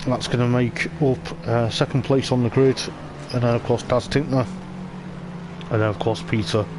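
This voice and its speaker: With clear racing game engine noise underneath, a man chats his way through live commentary on an online league event, drifting from topic to topic. He speaks at normal speed with medium pitch and fairly even intonation.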